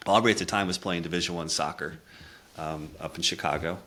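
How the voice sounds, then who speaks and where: A man's voice: low-pitched, fairly even intonation, a little fast. A middle-aged man, a communication coach, telling a candid personal story in an earnest, reflective way. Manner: earnest, reflective, drops quiet for emotional moments.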